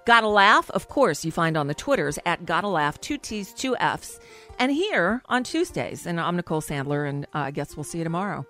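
A woman's voice: fairly low pitch, big pitch swings, normal speed, fairly bright tone, soft background music. A woman hosting a radio talk show, chatting casually and sympathetically with her co-hosts.

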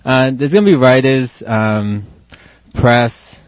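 A man guesting on a casual podcast, talking hesitantly with many pauses and fillers. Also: medium pitch, no echo. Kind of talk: casual interview chat. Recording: dull lo-fi sound, dry.

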